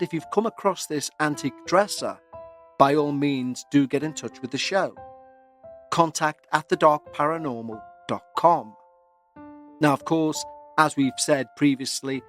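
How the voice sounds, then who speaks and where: A man hosting a paranormal podcast, speaking in an earnest, measured way. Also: medium pitch. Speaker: podcast host. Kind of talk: scripted paranormal podcast narration.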